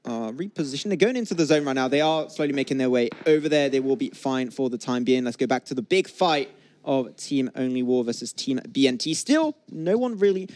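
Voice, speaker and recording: A man calling live play-by-play commentary for an esports match, getting excitable on big plays. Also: medium pitch, brisk.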